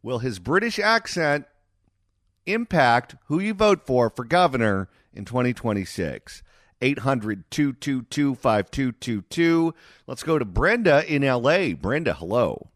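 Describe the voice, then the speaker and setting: Lively radio host, dry studio mic. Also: male voice, mid-range voice, no echo. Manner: lively, jokey, quick to move on. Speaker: radio talk show host. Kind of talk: call-in radio talk.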